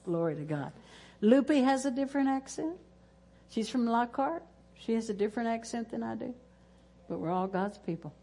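A woman pastor talks to her congregation in a husky, slightly raised voice. She speaks in a folksy, homey way and keeps breaking into short praises, and her closing prayer rises into a rhythmic chant. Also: on the high side, lively intonation, normal speed, mellow. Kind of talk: church service talk and closing prayer.

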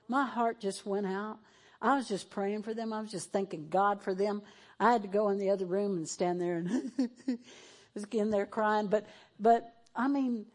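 Emotional woman preacher. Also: mid-range voice. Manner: emotional, shifts between fervent and tearful. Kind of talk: sermon. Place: church sanctuary, televised.

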